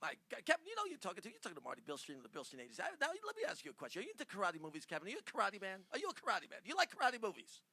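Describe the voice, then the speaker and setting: A man putting on the voice of a brash, fast-talking male talent agent during a prank call, with pushy, rapid-fire sales patter. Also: high voice, wildly swooping pitch, sharp tone, full character voice.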